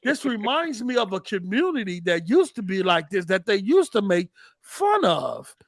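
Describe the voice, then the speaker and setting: A man hosting a gaming talk show. His voice sits high and close on a dry mic. He talks in animated bursts and repeats words as he builds each argument. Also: dry recording. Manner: animated, rapid, repeats words when excited. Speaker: podcast host. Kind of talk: casual gaming chat.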